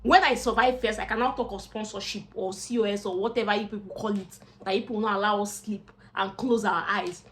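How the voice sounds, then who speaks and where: A young woman with a Nigerian accent, chatting casually to camera as a vlogger and job seeker, expressive and slipping into Pidgin asides. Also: medium pitch, brisk, few pauses.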